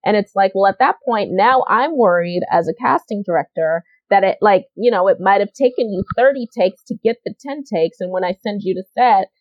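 A woman's voice: medium pitch, a little fast, hardly any pauses, no room sound, muffled recording. A woman working as a casting director, giving advice in a casual, chatty interview, with lots of "you know" and repeated words for emphasis.

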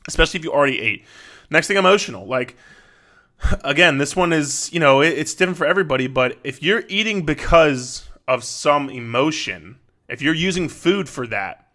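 A man's voice: on the high side, animated, a little fast, sharp tone. A man in his thirties hosting a podcast, talking through advice in a casual, conversational way, often repeating words and checking in with "right?". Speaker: podcast host.

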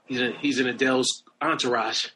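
Man, middle pitch, casual host, easygoing, clear noise under the voice. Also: steady tone, a little fast, pushed and bright, poor audio. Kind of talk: casual chat. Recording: background noise.

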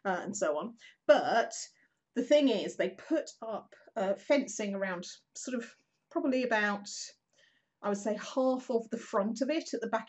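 Woman rambling through a neighbourhood story, lots of ums, acts out the voices. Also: mid-range voice. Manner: chatty, animated, acts out quotes, frequent fillers. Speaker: regular contributor. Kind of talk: casual storytelling chat.

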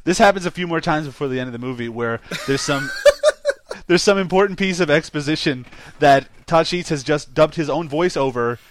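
A man's voice: fairly high pitch, fairly quick, slight background noise. A man hosting a casual podcast, recapping a movie with frequent laughter. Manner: laughs often, animated storytelling. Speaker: podcast host reviewing a movie. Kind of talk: casual chat.

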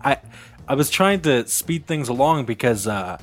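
Male podcast host, casual comedy chat, animated and quick to laugh, wide swings in pitch. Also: faint music behind.

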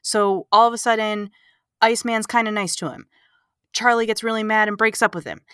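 A woman co-hosts a relaxed movie podcast, retelling the plot with animated sarcasm and little put-on character lines. Her voice is bright and forward. The sound is dry and close, with no room around it. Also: a little high, brisk, smooth, dry recording. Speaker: podcast co-host. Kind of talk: casual movie recap chat.

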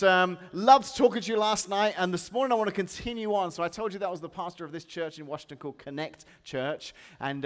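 A man with an English accent, preaching a sermon as a pastor and joking with his listeners. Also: on the high side. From England. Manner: lively, joking with the audience. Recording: long hall reverb.

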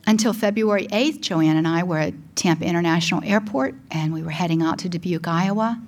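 An older woman giving an emotional spoken testimony, preaching at times in a near whisper, with a husky voice. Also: lowish voice, brisk, a little mellow. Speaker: Catholic speaker and broadcaster. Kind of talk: sermon.

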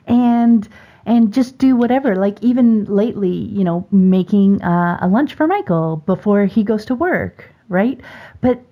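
A woman's voice: medium pitch, measured pace. Chatty woman on a dull lo-fi line. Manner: chatty, animated storytelling with laughs and self-corrections. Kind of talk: casual podcast conversation. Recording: dull lo-fi recording.

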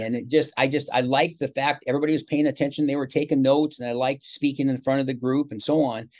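A man in his sixties, a motivational speaker, telling his life story as an interview guest in a chatty, anecdotal way. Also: medium pitch. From Seattle, USA. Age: 60s. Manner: chatty, animated storyteller with quoted dialogue.

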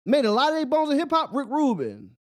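High-voiced man ranting casually. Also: fast talker. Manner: rambling, animated, repeats "you know what I'm saying"; laughs at his own jokes. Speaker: podcast host. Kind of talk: solo casual rant.

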